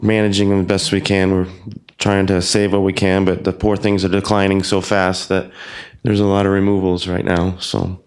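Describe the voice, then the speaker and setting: A man's voice: deep voice, completely flat delivery, moderate pace, hardly any pauses, clear, resonant tone. A city parks worker speaking plainly and modestly at a council meeting while losing his voice. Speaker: city parks employee being honored. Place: council chamber.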